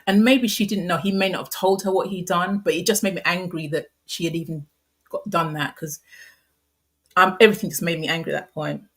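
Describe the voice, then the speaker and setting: A middle-aged woman calmly recounting a painful personal experience, speaking softly with halting restarts and fillers. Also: on the low side, breathy edge. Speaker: guest sharing a personal story. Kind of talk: candid personal storytelling.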